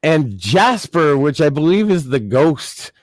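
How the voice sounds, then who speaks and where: A man co-hosting a podcast, reading out mock award nominations in a deadpan way with many filler uhs. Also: fairly high pitch, slow pace, no echo. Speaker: podcast co-host.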